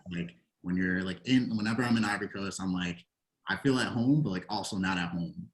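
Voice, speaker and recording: Deep-voiced young man, reflective guest. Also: fairly quick, low-quality recording. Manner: reflective, hesitant storytelling. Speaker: podcast guest. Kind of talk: casual podcast conversation.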